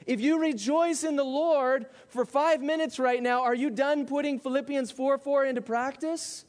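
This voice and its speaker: High-pitched guy pastor preaching a sermon, lots of emphasis and questions, big echoey church hall. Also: fairly even intonation, normal speed. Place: church sanctuary. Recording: long hall reverb.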